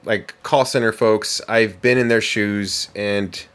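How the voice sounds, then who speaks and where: A man's voice: fairly low pitch, steady tone, slow pace, fairly bright tone. A man co-hosting a parenting podcast, chatting casually and rambling with lots of fillers and restarts. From United States. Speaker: podcast co-host. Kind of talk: casual chat.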